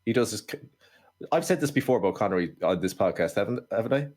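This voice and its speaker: Fast-talking low-voiced Irish man. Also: lively intonation, a little mellow. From Ireland. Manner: blunt, quick-fire, swearing. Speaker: podcast co-host. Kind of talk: casual film-review chat.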